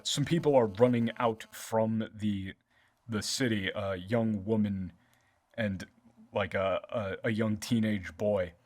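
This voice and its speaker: A man's voice: lowish voice, a little mellow. A man narrating as game master of a tabletop role-playing game, describing scenes loosely with lots of fillers and restarts.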